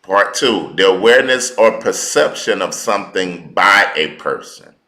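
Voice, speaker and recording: A man preaching a teaching sermon, slow and deliberate, repeating key words for emphasis in informal, colloquial speech. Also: low-pitched, expressive, bright, forceful tone, echoey room, poor audio.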